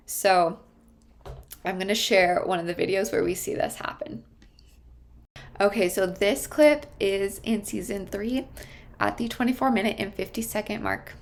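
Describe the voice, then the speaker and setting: A woman's voice: mid-range voice, gravelly, slight background noise. A woman therapist explaining a TV series in a thoughtful way, often stopping to search for her words.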